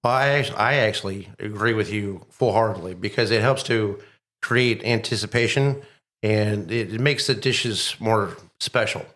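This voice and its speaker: A man who is a chef and a guest on a podcast, speaking in casual chat, agreeable and measured. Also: on the low side, a bit bright.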